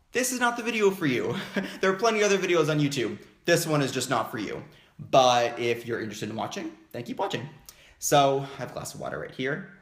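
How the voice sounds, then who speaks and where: A man's voice: mid-range voice, fairly bright tone. Chatty young man in a roomy room. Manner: chatty and rambling, laughing easily. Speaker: vlogger. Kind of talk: casual mukbang chat. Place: home basement.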